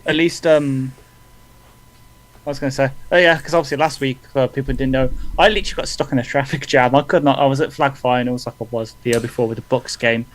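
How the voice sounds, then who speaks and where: Male co-host, casual live sports chat, reads stats in quick bursts, mid pitch. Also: fairly even intonation, poor audio. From England. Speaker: podcast co-host.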